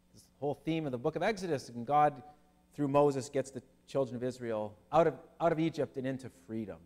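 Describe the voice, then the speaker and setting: A man preaching a sermon as pastor, animated and lively, with humorous asides to his listeners. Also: mid-range voice. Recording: long hall reverb.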